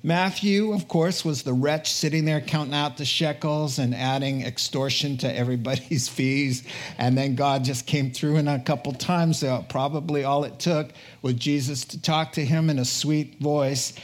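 A male preacher telling scripture stories in a loose, conversational way, tossing in asides and acting out the characters. His voice sits a little high for a man and keeps an animated bounce. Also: normal speed. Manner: animated, casual retelling with asides and acted quotes. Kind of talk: sermon storytelling.

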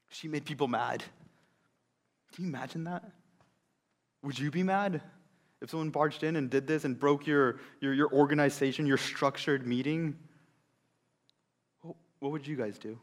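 A male preacher retelling a scripture story in an animated, conversational way, with rhetorical questions to the audience. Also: a little high, moderate pace, long pauses. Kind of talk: sermon storytelling.

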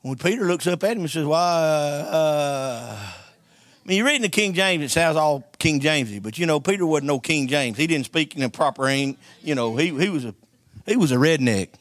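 A man preaching with a somewhat high voice, joking and telling a story with lively call-and-response to his congregation. The sound is dry and close, with little room around it. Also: brisk, no room sound. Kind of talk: sermon.

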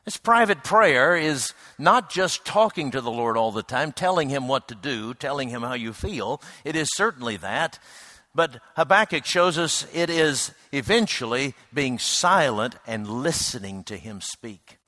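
A man preaching a reflective sermon, unhurried, with frequent hesitant restarts. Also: medium pitch, expressive, bright, forceful tone, no room sound, studio quality.

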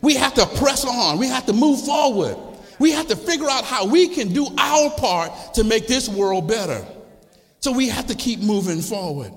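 A man preaching a sermon as a church's congregational director, impassioned and repetitive, building up to shouting. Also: extremely high pitch, big pitch swings, normal speed. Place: church sanctuary. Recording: long church reverb.

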